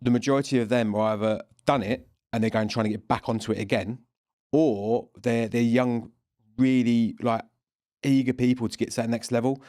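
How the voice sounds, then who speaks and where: Guest, man, mid-pitched voice, rambling anecdotes, dry close mic. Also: steady tone, moderate pace, darkish tone, dry recording. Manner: chatty, rambling storyteller with many restarts. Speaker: podcast guest. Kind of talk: casual chat.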